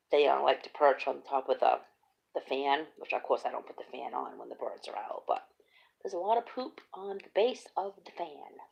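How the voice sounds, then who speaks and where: A middle-aged woman chats casually, telling lively stories and laughing often. Her voice sits low with a gravelly, fry-heavy texture. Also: normal speed, highs cut off. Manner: animated storytelling, laughs often. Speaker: host. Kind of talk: casual chat.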